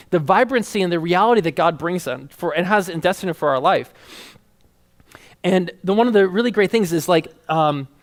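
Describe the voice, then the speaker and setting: Male preacher, high voice, rapid delivery, energetic sermon with frequent laughter. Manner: energetic, laughs often, quotes God in a lower voice.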